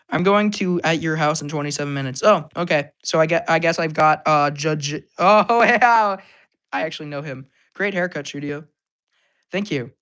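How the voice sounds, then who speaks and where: A man hosting a casual live stream Q&A, reading out viewer comments and answering them. He is hyper, laughs often and sounds slightly hoarse. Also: fairly high pitch, a bit bright.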